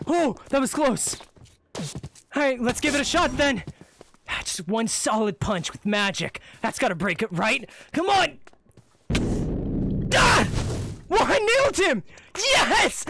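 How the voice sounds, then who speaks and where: A man playing through a live roleplay game, excitable, talking to himself and cheering with yelps. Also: very high voice, noisy background. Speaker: roleplay player. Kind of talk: live roleplay gameplay chat.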